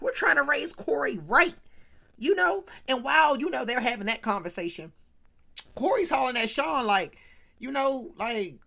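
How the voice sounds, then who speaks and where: A woman recapping a sitcom episode in an animated, slangy, comic rant. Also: high-pitched, normal speed, creaky. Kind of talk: casual comedic rant.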